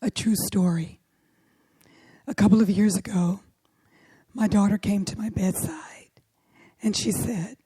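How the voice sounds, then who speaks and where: A middle-aged woman minister with a hoarse, worn voice, delivering a sermon and often dropping to a whisper for emphasis. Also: mid-range voice, unhurried, pauses often, dark tone, dry recording. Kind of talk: sermon with opening prayer.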